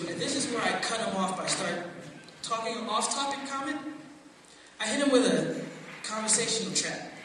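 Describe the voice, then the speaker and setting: Guy doing stand-up, high lively voice, far off in an echoey room with noise. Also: normal speed, long pauses. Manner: animated storytelling, acting out other people in high voices. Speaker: stand-up comedian. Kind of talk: stand-up practice set. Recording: roomy echo, far from the mic, noisy.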